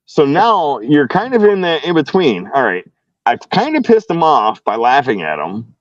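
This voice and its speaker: Animated man telling a story. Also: fairly high pitch, normal speed, no echo, muffled recording. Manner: animated, acts out both sides of a dialogue. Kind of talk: casual storytelling.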